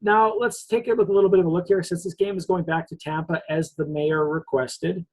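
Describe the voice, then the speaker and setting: Joking husky man. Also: fairly high pitch, moderate pace, hardly any pauses, a little mellow, poor audio. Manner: jokey, rambling, laughs often. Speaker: podcast co-host. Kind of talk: casual sports chat.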